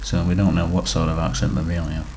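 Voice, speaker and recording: A man's voice: low-pitched, completely flat delivery, quick pace, creaky, a little mellow, soft background music. A man co-hosting a podcast and reading listener emails, hesitant and self-deprecating. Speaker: podcast co-host.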